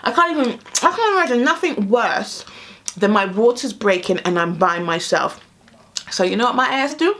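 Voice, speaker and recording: A woman's voice: on the high side, moderate pace. Breezy pregnant woman. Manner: animated storyteller, laughs often, acts out quoted voices. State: pregnant, often short of breath. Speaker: vlogger sharing pregnancy experiences. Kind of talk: casual candid chat to camera.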